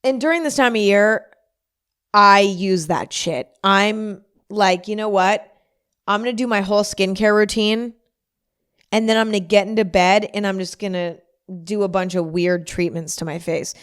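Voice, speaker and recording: Young woman, solo podcast host, rambling casual chat, self-mocking, smooth clear voice. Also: medium pitch, moderate pace, fairly bright tone.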